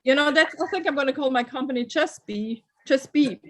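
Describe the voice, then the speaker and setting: A woman's voice: high-pitched, fairly quick, a bit bright. A woman chatting on a casual group video call, laughing at herself as she tells stories. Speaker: call participant.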